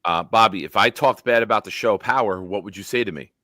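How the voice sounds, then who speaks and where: A man hosting a casual sports live stream, animated and joking, swearing freely. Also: lowish voice, brisk, no echo, clean studio sound. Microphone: home setup on a video call.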